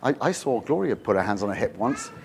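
A middle-aged man preaching a sermon, telling stories with lively swings from hushed to shouting. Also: on the low side, quick pace, gravelly, a little hiss or hum.

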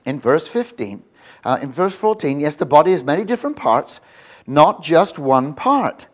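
A man's voice: a little high, very animated, moderate pace. A man giving an informal, jokey sermon, rambling with many restarts. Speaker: visiting preacher.

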